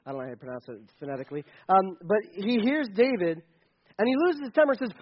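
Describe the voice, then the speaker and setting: A man's voice: high voice, very animated, brisk. A man preaching a casual, joking sermon to a young audience, with many restarts. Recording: dull lo-fi recording.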